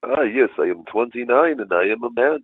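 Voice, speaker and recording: A man's voice: mid-range voice, expressive, fairly quick, husky. A man in his twenties putting on a fake foreign accent as a troll caller, insisting on calling the host his friend. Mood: mock-earnest. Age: 20s. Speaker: prank caller. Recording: tinny phone line.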